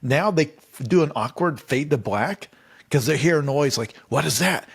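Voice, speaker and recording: A man's voice: on the high side, lively intonation, normal speed, slightly rough. A man co-hosting a comedy podcast, rambling in a wry, casual way and acting out quotes from a show. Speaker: podcast co-host.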